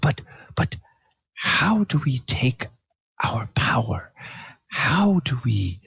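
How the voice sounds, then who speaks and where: A man voicing a resentful young townsperson, speaking in a hushed, halting way. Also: sing-song, gravelly, slightly rough, no echo, full character voice. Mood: bitter, hushed. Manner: hushed, halting, rising pitch. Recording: dull lo-fi audio.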